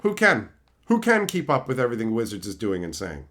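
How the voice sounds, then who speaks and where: Animated, foul-mouthed male streamer ranting. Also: mid-range voice, fairly quick. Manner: profane, ranting, reacting to chat. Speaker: livestream host. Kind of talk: unfiltered livestream chat.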